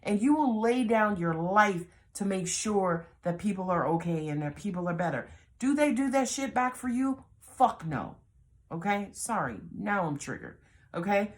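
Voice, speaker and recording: A woman with a Southern US accent giving a casual tarot reading, blunt, animated and full of cursing. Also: medium pitch, normal speed. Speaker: tarot reader.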